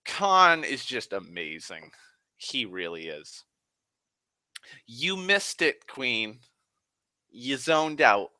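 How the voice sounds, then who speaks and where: A man rambling casually on a live stream, excitable and sweary, sighing often. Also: medium pitch, no room sound. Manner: excitable, profane, sighs often.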